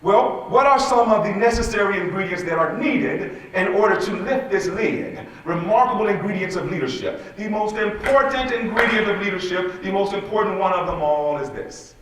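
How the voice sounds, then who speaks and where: A man giving a keynote speech, telling a story in an animated way and speaking directly to the audience. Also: high-pitched, normal speed, hardly any pauses. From West Side Chicago. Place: large conference hall. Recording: echoey hall, voice from far off the mic.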